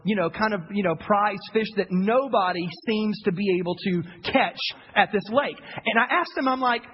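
A high-pitched man preaches as a pastor in a church, animated and chatty, often repeating himself as he tells a story. His voice carries a long hall reverb, and the sound is dull with faint noise behind it. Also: normal speed. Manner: animated, repeats words, quotes people in character. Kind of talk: sermon with storytelling.

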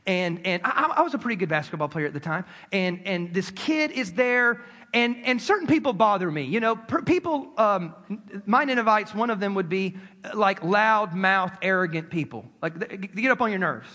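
Man, pastor, sermon, high-pitched, animated, loud then hushed, echoing hall. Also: normal speed.

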